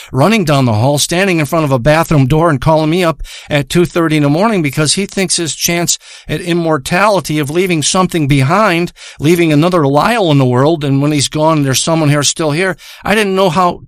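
A man with a fairly high voice tells a rambling personal story, swearing freely and letting his emotions show. The recording is dry and close. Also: no echo.

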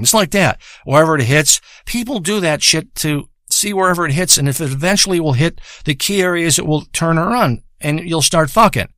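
A man's voice: a little high, a bit bright, dry recording. A man telling a long, crude comic story, swearing constantly and wandering off his thread as he goes. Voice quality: profane, rambling, loses his thread. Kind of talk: rambling crude comedic monologue. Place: home in a rural area.

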